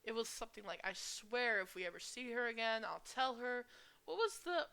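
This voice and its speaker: A woman voicing a tired, caring teenage girl who gently prods her friend in a game voice-over. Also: fairly high pitch, normal speed, vocal fry, clear, resonant tone. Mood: teasing. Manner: gently prodding.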